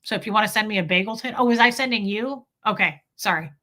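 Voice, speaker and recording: A woman's voice: mid-range voice, fast talker, sharp tone. A woman hosting a casual livestream, chatting candidly and reacting to viewer comments and super chats.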